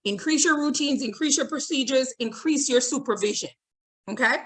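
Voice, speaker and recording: A woman's voice: sits high, moderate pace, fairly bright tone. A woman leading an online teacher training, repeating her points and checking in with "okay?" and reading audience comments aloud. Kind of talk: webinar presentation.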